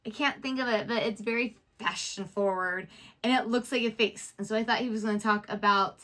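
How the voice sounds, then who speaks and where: A woman co-host chats in an enthusiastic, rambling way. Her voice is a bit high for a woman. Its tone is very bright and forward. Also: fairly even intonation, a little fast. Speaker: reaction channel co-host. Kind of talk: casual chat.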